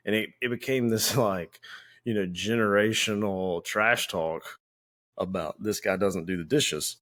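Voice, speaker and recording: Deep-voiced man telling a story. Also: unhurried. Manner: relaxed, anecdotal, acts out quoted lines. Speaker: podcast co-host; firefighter. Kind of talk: casual conversational storytelling.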